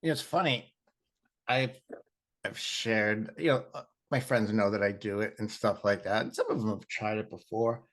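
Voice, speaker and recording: A man in casual spiritual chat, rambling and animated, with many fillers. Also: fairly low pitch, moderate pace. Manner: rambling and animated, heavy on fillers and acted-out quotes.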